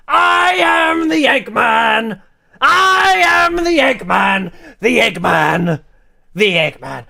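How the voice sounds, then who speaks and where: A man putting on a voice for a bombastic male turtle king, belting a silly song at full shout. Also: very high voice, vocal fry, voice pushed up, exaggerated voice. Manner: loud, shouted singing.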